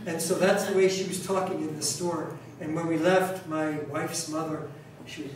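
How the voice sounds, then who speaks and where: A man lectures in a conversational way, circling back and restating his points. His voice sits a little high and carries a heavy hall echo, picked up from some distance. A faint hiss sits underneath. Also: steady tone. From New York City, United States. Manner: conversational, repeats and restarts, speaks up deliberately. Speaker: pronunciation teacher. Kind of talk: conference talk. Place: large conference hall. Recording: echoey hall, distant mic, faint noise.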